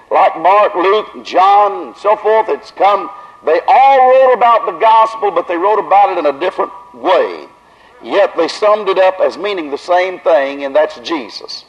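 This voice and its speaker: A man with a Southern accent preaching at a tent revival, drawing his words out slowly and then rising to loud emphasis. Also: high voice. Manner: slow, drawn-out delivery that builds to raised emphasis. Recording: dull lo-fi old recording.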